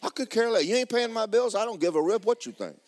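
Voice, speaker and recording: A man's voice: high voice, animated, fast. Hollering preacher man. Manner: hollering, joking preacher with sudden shouts. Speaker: pastor. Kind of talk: sermon.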